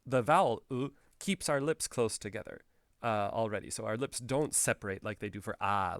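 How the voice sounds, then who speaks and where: A man teaching Japanese in a relaxed, explanatory way, with frequent "uh" fillers and restarts. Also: medium pitch, brisk, smooth, no echo, clean studio sound. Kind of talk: recorded language lesson.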